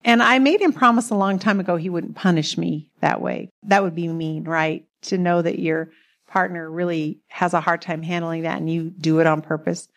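A woman's voice: fairly low pitch, steady tone, normal speed. Middle-aged woman, chatty, laughs a lot while telling a story about her marriage. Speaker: co-host speaking about marriage. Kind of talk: casual storytelling talk.

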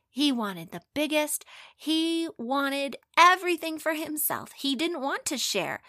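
Expressive woman telling a children's story. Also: on the high side, dry recording, clean studio sound. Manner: expressive, with hushed asides.

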